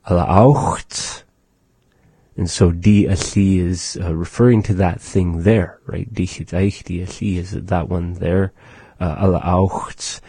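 A man teaching his people's language, going slowly and patiently, with many pauses, and repeating words for practice. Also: deep voice, dark tone, breathy edge, dry recording. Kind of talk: pronunciation lesson.

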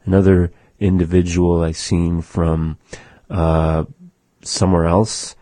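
A man's voice: sits low, flat delivery, slow, warm tone, no echo. A man teaching a language lesson on a show, patiently demonstrating sounds aloud.

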